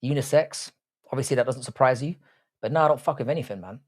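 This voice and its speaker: Brief: male livestream host, mid-pitched, loose and crude, swears freely while reading chat aloud. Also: fast talker, a little mellow. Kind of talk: casual live chat.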